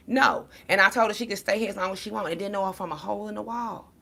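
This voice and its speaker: A woman's voice: mid-range voice, quick pace, vocal fry, few pauses. A woman giving a casual livestream talk as a spiritual reader, blunt and profane, preaching to her viewers. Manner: animated storytelling to viewers.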